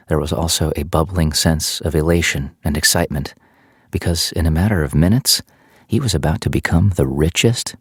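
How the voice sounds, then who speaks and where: A man narrating a thriller audiobook in a steady, measured storytelling manner, close to the microphone. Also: very deep voice, breathy edge, no room sound.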